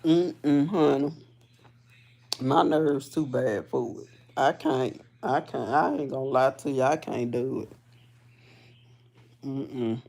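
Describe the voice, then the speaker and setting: Gravelly woman host rambling on a live stream. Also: takes it slowly, long pauses. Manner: repetitive, rambling, folksy endearments like baby and honey; swings from low and subdued to loud high bursts when retelling. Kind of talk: casual live stream storytelling.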